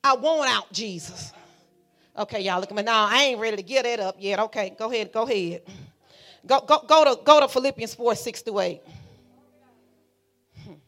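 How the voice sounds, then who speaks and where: A woman pastor preaches in church, her voice high, bright and ringing. She talks to the congregation in a fiery, conversational way, slipping into quiet asides and then rising to shouts. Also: fairly quick, long pauses. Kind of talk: sermon. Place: church sanctuary.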